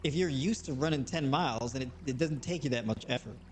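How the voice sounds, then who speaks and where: A man hosting a live online show, talking casually and motivationally with frequent repeats and animated bursts. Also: medium pitch, quick pace, slight background noise. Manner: conversational, repeats words, rising to animated bursts.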